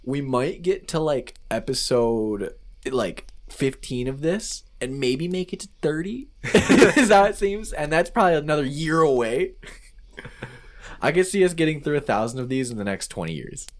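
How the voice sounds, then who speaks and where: A man's voice: a little high, lively intonation, normal speed. A man co-hosting a casual podcast, joking around, swearing freely and slipping into mock announcer bits. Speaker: podcast co-host.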